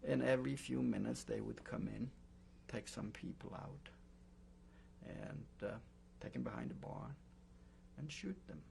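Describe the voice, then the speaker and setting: An older man recounting his memories in an oral history interview, speaking in a halting way with many pauses and fillers. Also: medium pitch, gravelly, a little mellow, slight background noise. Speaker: Holocaust survivor giving testimony.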